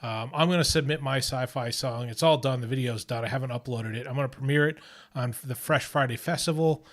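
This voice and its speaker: A man's voice: mid-range voice, a little fast. Rambling male livestream host. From Australia. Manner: rambling, with many restarts and fillers. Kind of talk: casual livestream chat.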